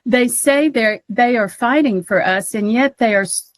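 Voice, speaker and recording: A woman's voice: a little high, measured pace, no echo. An American woman co-hosting a political talk podcast, speaking emotionally and near tears. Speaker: podcast co-host. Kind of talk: casual political chat.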